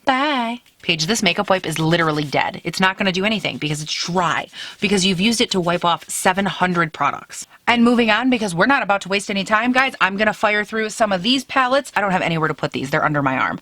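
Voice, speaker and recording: A woman's voice: mid-range voice, lively intonation, quick pace, pushed and bright, dry recording. A woman in her late twenties, a beauty YouTuber chatting casually to her viewers from her bedroom, upbeat and talkative, calling her audience "girl.". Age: late 20s. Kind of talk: casual vlog chat to camera.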